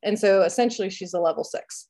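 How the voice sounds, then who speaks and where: A woman's voice: medium pitch, quick pace, warm tone. A woman in her thirties chatting casually as a podcast co-host, full of fillers and frequent laughter. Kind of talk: casual chat.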